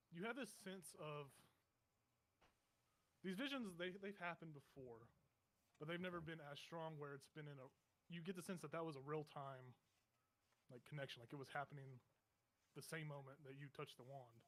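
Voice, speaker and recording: A man's voice: fairly high pitch, normal speed, pauses often, a bit bright. A man narrating a tabletop game as game master, describing scenes vividly in a meandering way full of fillers.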